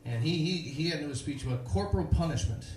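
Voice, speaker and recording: A young man performing a stand-up comedy set on a club stage, delivering deadpan stories with punchlines. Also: on the high side, fast talker, a little hiss or hum. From Chicago, USA. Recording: echoey live club room.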